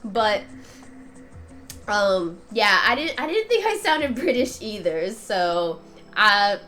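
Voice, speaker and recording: A woman game streamer with a stuffed-up nose chats casually as she plays, rambling and laughing a lot. Her mid-range voice is very animated and sharp in tone, and she talks slowly with frequent pauses. Faint music plays behind her.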